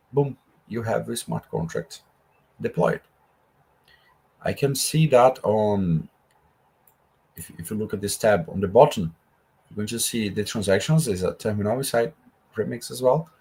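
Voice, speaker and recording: A man's voice: fairly low pitch, expressive, moderate pace, gravelly, long pauses, a little mellow, breathy edge. A man teaching a live coding workshop, explaining each step in a conversational way with asides. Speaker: workshop instructor.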